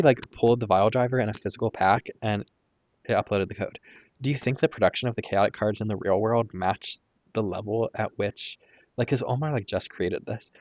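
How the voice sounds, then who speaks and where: A man's voice: on the low side, a little mellow, dry recording, dull audio. A man hosting a casual podcast, rambling and opinionated with lots of fillers and tangents. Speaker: podcast host. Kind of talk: casual stream-of-consciousness commentary.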